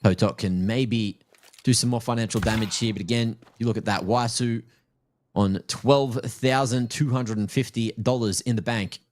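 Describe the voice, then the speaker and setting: A man's voice: mid-range voice, steady tone, normal speed, darkish tone. A man casting a live esports match with play-by-play and playful, teasing asides. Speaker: esports caster.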